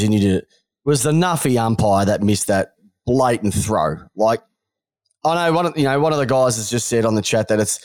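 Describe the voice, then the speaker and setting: Animated Australian man ranting about footy. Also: medium pitch. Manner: blunt, mocking, animated ranting. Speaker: podcast co-host. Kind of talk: casual sports banter.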